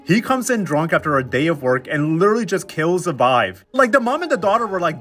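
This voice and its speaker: A man's voice: on the high side, fairly quick, few pauses, faint music behind. Slangy, sarcastic young man recapping a show. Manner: slangy, sarcastic, animated storytelling with mocking quoted voices. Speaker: recap commentator. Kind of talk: comedic episode recap.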